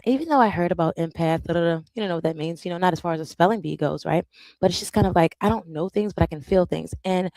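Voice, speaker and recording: A woman hosting a live stream, talking in a rambling, animated way and calling her viewers "bro" and "darling". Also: fairly low pitch, no echo, poor audio. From United States. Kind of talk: casual live stream monologue.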